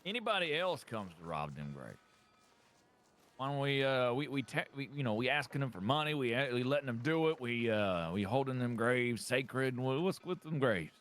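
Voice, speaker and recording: A man in character as a western outlaw, talking in a folksy, halting way with many fillers. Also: mid-range voice, sing-song, fairly bright tone. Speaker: gang member in role-play. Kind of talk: in-character western role-play.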